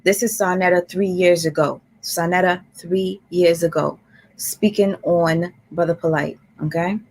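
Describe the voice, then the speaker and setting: A slightly low woman's voice with a calm, conversational manner. She hosts a livestream and speaks straight to her viewers, commenting on a played clip. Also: unhurried. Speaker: livestream host.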